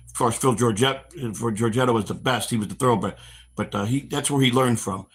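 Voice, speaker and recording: Middle-aged chicago guy on a walk, talks fast, husky voice, acts out all the people in his stories. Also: medium pitch. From Chicago area. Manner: animated storyteller, acts out quoted voices, frequent restarts. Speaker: stream host. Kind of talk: rambling storytelling on a walk-and-talk stream. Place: outdoors on a walk.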